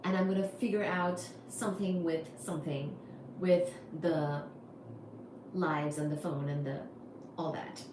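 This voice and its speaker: A woman's voice: low voice, steady tone. A woman hosting a casual livestream, reading chat comments in a playful, laughing way. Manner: playful, laughs often, soft and drawn-out. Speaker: livestream host. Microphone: iPad. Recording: roomy echo with faint background noise.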